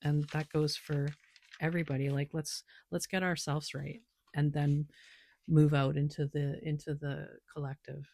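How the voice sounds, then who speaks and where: A woman's voice: sits low, little pitch movement, moderate pace, darkish tone, dry recording. A woman who reads tarot and oracle cards, talking loosely and rambling with lots of filler words in a casual spiritual vlog. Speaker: tarot and oracle card reader.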